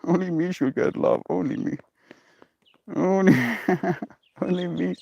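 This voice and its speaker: A man's voice: sits high, steady tone, measured pace, vocal fry, mellow, dry recording, highs cut off, voice pushed up, heavily acted. A man doing a jealous little puppy girl. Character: jealous attention-hungry little female puppy.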